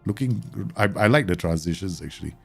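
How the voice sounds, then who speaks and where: A man commentating live on a football management game, excitable and teasing, bursting into exclamations. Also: low voice, brisk, creaky, slightly rough, soft background music.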